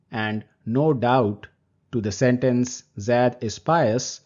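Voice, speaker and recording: A man teaching Arabic grammar in a recorded lecture, explaining terms slowly and deliberately. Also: medium pitch, dark tone. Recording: dull lo-fi recording.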